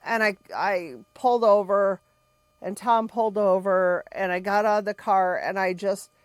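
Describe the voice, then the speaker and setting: A woman with a medium-pitched, fairly even voice speaks at normal speed on a dry recording. As a podcast co-host, she candidly retells her family's story in an emotional, personal way, acting out the dialogue and swearing bluntly.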